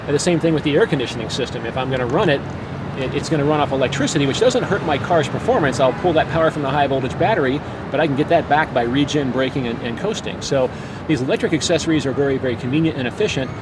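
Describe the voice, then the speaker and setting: A man's voice: mid-range voice, lively intonation, fast. A man speaking for a carmaker, explaining hybrid technical details fluently in an outdoor interview. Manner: fluent, explanatory, with frequent restarts. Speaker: automaker product spokesman. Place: outdoors beside a car on a street. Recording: loud outdoor noise behind the voice.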